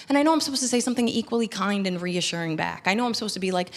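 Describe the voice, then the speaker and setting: A woman's voice: on the high side, big pitch swings, fast talker, few pauses. A woman comedian telling a stand-up story, acting out the quotes with big jumps in her voice. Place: comedy club stage.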